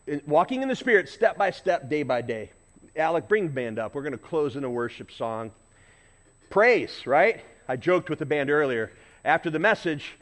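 A man with a fairly high voice preaching a sermon. He speaks conversationally, punching some phrases loudly and dropping others to a quiet, intense hush. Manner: conversational, moving between loud emphasis and quiet intensity. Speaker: pastor. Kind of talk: sermon with storytelling.

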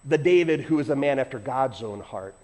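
A middle-aged man preaching a sermon as a pastor, telling a personal story, swinging from loud emphasis to quiet asides. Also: medium pitch, lively intonation, a little fast.

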